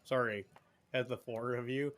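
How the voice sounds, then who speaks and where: A man's voice: medium pitch, steady tone, normal speed, crowd noise. A man narrates a tabletop game as its game master, with a mid-range voice. He rambles casually and swears freely as he goes.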